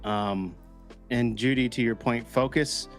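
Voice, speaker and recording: A man hosts a casual recovery group discussion in a plain mid-range voice. He talks animatedly and keeps acting out inner voices, his pitch leaping up for them. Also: a little slow, faint music behind. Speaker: podcast host.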